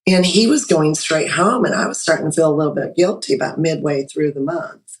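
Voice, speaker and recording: A woman's voice: deep voice, a little fast, poor audio. Chatty woman guest telling her story. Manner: chatty, lively storyteller with many restarts. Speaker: podcast guest. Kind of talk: personal story told in conversation. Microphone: video call.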